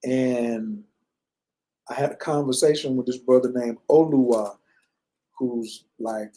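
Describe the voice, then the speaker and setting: Mellow-voiced man in his fifties, storytelling. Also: medium pitch, slow, rough recording. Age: 50s. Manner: loose, conversational, many fillers and "you know". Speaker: personal storyteller. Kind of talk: casual personal storytelling. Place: lives in Bali.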